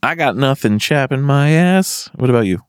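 A man's voice: medium pitch, lively intonation, normal speed, smooth, dry recording, clean studio sound. A man co-hosting a podcast in casual chat, blunt, wisecracking and profane. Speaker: podcast co-host.

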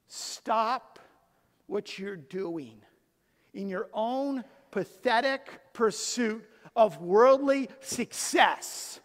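Emphatic preaching man in a reverberant hall. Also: high-pitched. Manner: emphatic preaching, swinging from loud to hushed. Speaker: pastor. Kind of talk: sermon.

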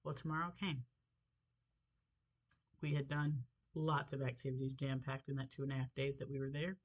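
A middle-aged woman hosting a faith podcast, telling a personal story in an expressive, animated way with light laughs. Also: very deep voice, normal speed, breathy edge, poor audio. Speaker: podcast host.

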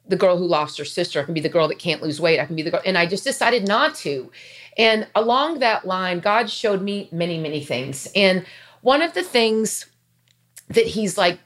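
Earnest, emotional woman in her fifties. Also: lowish voice. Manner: earnest, emotional, chatty with asides. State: near tears. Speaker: faith vlogger. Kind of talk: heartfelt casual talk to camera.

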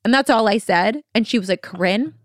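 A woman's voice: mid-range voice, fairly quick, no room sound, clean studio sound. A young woman co-hosting a casual podcast, telling stories with acted-out quotes and frequent laughter. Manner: animated storytelling, acts out quotes, laughs often. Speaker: podcast co-host. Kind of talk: casual chat.

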